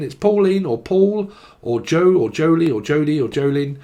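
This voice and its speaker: A man's voice: fairly high pitch, lively intonation, normal speed, mellow. Playful man reading tarot. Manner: playful, rambling, jokey. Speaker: tarot reader. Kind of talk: casual tarot reading to camera.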